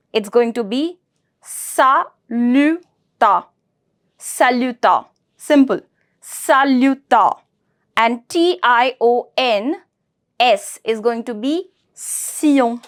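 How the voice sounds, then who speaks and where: Woman teacher drilling pronunciation, slow and careful, a bit high voice. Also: lively intonation. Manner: slow, syllable-by-syllable with repeated drilling. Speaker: language teacher. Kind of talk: spoken pronunciation lesson.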